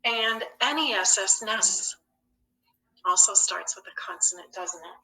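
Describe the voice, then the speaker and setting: A woman teaching young children a phonics lesson, patiently asking each question and then giving the answer. Her voice is bright and clear, and she speaks slowly. She sounds a little distant from the mic in an echoey room. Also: medium pitch. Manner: slow, patient, asks questions and answers them.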